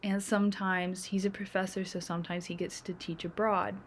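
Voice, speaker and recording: A woman's voice: mid-range voice, little pitch movement, a little fast, slight background noise. A young American woman telling stories in casual chat as a streamer, chatty and acting out quoted voices. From United States.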